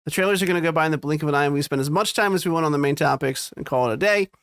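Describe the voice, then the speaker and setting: A man's voice: rapid-fire, fairly bright tone, smooth, dry recording, clean studio sound. A man co-hosting a casual podcast, rambling and joking as he talks through TV and game news. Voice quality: fairly high, youthful voice. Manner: rambling, joking, self-interrupting. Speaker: podcast co-host. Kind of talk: casual chat.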